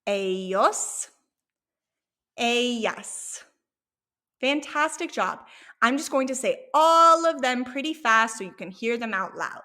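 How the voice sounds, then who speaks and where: A woman's voice: high voice, animated, normal speed, pushed and bright. A woman teaching an online language lesson, encouraging and repeating words for learners to echo back. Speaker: Spanish teacher.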